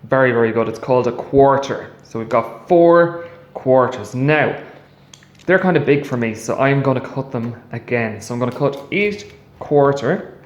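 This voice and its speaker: A man, a primary school teacher giving a cooking lesson to children and asking them questions in a slow, clear, encouraging way. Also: mid-range voice, lo-fi sound. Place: home kitchen. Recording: very echoey room, faint background noise.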